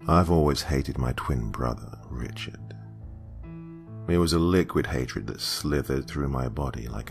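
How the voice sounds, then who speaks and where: A man with a very deep, gravelly voice reads a first-person horror story. His tone is cold and bitter. Clear music plays behind him.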